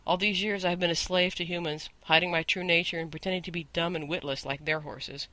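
A man's voice: a little high, steady tone, fast, pushed and bright, no room sound. A man voicing a proud, bossy talking male war horse who speaks in a grand, lecturing, scornful way. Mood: indignant.

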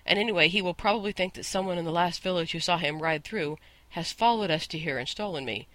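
A man's voice: high voice, quick pace, bright, forceful tone, no echo. A man voicing a proud, bossy talking male war horse who speaks in a grand, lecturing, scornful way.

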